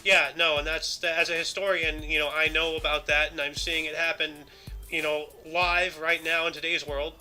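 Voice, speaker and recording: A man's voice: a little high, flat delivery, normal speed, music in the background. A man co-hosting a casual news-commentary podcast, rambling with lots of "you know" and "like" fillers. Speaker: podcast co-host.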